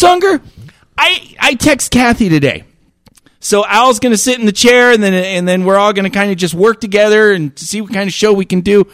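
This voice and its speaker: High, lively, animated male podcast host. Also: no echo. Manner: animated, laughing, exaggerated and profane. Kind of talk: casual podcast chat.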